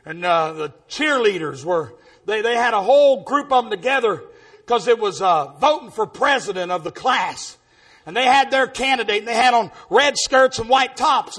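A man preaching, telling folksy stories with exuberant shouting bursts and a husky voice. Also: very high-pitched. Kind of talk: storytelling sermon testimony.

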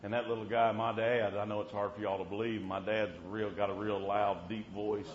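A man's voice: fairly low pitch, flat delivery, normal speed, background noise. A man preaching a folksy storytelling sermon at a revival meeting in a church, dropping in "Amen" often. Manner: folksy, punctuates with "Amen", preaches with rising fervor. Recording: roomy, dull church recording.

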